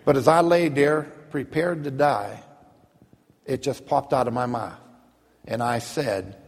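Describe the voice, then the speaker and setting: A man, a minister, telling his personal testimony in an earnest, vivid storytelling manner, slowing down for emphasis. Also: medium pitch, vocal fry, darkish tone, slightly rough, in a large hall.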